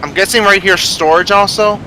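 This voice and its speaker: Casting: man, bright and slightly high, a rambling player who trips over his own sentences. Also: fairly even intonation, a little fast, slight background noise, poor audio. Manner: rambling, constantly restarting and correcting himself. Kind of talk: casual chat during tabletop game setup.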